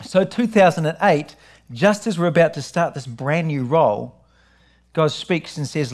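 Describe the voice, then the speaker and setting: A middle-aged New man preaching, his voice sitting a little high for a man. He tells his story with lively animation and keeps returning to his message. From New Zealand. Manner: animated storytelling, rising high when excited. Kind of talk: sermon with personal testimony.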